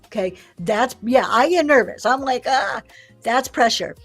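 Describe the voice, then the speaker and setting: High-voiced woman teaching live selling. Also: normal speed, faint music behind. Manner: lively, acts out quoted sales talk. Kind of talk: livestream teaching talk.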